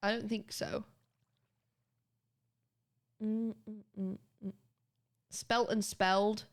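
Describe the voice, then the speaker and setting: A young British woman streaming and chatting casually with her chat, animated and quick to laugh, with casual swearing. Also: mid-range voice. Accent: British English. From United Kingdom. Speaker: livestreamer.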